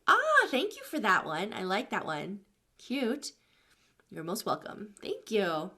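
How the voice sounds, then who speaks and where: A woman's voice: mid-range voice, wildly swooping pitch, slow pace, bright, forceful tone. A woman life coach talking casually on a live stream, thanking viewers between stories and advice.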